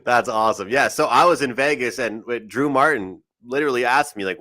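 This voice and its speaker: An upbeat Canadian man with a Canadian accent chats as a podcast guest. His voice sounds bright and forceful, and he laughs easily as he talks. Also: mid-range voice, brisk. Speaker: guest sports handicapper. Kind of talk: casual podcast chat.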